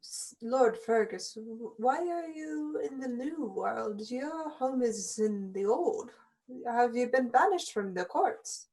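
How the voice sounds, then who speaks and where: A woman's voice: fairly high pitch, lively intonation, slow, darkish tone, low-quality recording. A woman playing a formal fey courtier. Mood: courteous. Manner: formal, courtly, polite address. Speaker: player.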